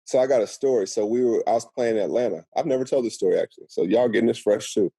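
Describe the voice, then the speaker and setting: A middle-aged man from Seattle tells stories at a quick clip and acts out the voices of the people in them. His voice is low, dark and a little husky. The sound is close and dry, with no room around it. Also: no echo. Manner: animated storyteller acting out quotes. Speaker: guest. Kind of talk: casual podcast storytelling.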